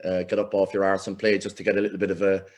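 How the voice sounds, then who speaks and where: A middle-aged Irish man, a football coach, telling lively anecdotes in a casual interview and acting out the voices he quotes. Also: low voice, racing. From Ireland. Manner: animated anecdotes, acts out quoted voices, laughs often. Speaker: football coach, podcast guest.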